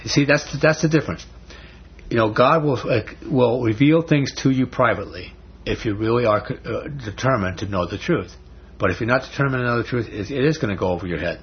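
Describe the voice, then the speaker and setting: A man's voice: mid-range voice, brisk. A man teaching a Bible study in a conversational, folksy way, often restarting words. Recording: dull lo-fi recording.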